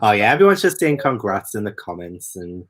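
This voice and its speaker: A man's voice: on the low side, very animated, brisk, fairly bright tone. A man hosting a book chat stream, gushing effusively and laughing a lot. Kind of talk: casual chat.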